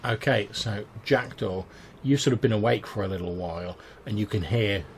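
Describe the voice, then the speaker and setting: A man with a fairly low voice runs a tabletop game, narrating dream scenes in a descriptive, stop-start way. A faint hiss sits under the recording. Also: fairly even intonation, moderate pace. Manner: descriptive, with frequent restarts. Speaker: game master.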